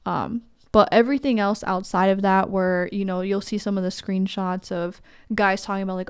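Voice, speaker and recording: A woman's voice: mid-range voice, steady tone, moderate pace, few pauses, clear, resonant tone. A woman speaking as a guest on a casual podcast, candid and opinionated, laughing often.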